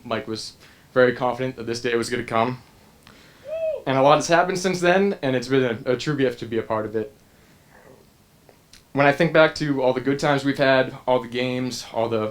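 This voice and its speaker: An earnest young man delivers a best man's toast, pausing often and restarting his sentences as he searches for words. His voice sits at an ordinary middle pitch. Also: fairly bright tone. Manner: earnest, with frequent "uh" pauses and restarts. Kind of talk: heartfelt wedding speech.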